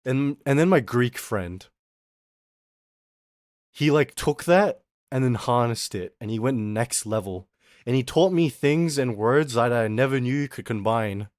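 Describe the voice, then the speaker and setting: Man, livestream rant, animated, profane, storytelling, mid pitch, dry close sound. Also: a little slow, no echo. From Australia. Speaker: streamer. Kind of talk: casual ranting livestream chat.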